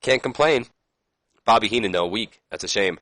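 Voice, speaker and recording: A man's voice: lowish voice, animated, moderate pace, a bit bright, dry recording, low-quality recording. A man giving casual, rambling commentary over a wrestling management game, reading promo lines aloud with plenty of fillers and self-corrections. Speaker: let's play commentator.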